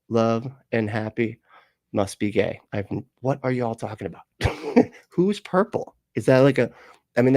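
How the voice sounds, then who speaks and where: A man's voice: medium pitch, darkish tone, no room sound. Southern guy rambling on his livestream, chuckles a lot, cusses, dry close mic, regular mid voice. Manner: rambling, laughs often, swears freely. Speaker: livestream host. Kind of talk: casual livestream chat, reading comments.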